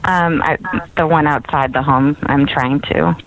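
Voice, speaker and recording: A woman's voice: sits low, steady tone, unhurried. A woman calling in to a radio show, giving short, hesitant answers with fillers. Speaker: caller. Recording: tinny phone line with faint hiss.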